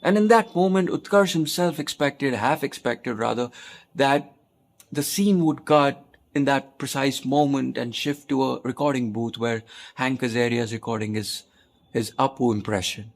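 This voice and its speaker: Man, from India, commentary host, emphatic, conversational, gravelly, mid pitch. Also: normal speed. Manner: emphatic, conversational, asks rhetorical questions.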